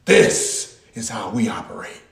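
A man's voice: on the low side, fairly even intonation, unhurried, vocal fry, recorded from a distance. A man preaching a sermon in an emphatic, repetitive, folksy manner. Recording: roomy echo.

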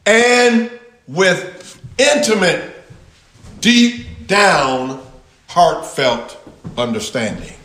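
A man teaching a Bible passage in sermon style, repeating key words with long pauses and talking back and forth with his listeners. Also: high voice, lively intonation, a bit bright, roomy sound, slight background noise. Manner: talks with the audience, answers their replies. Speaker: pastor teaching a Bible study.

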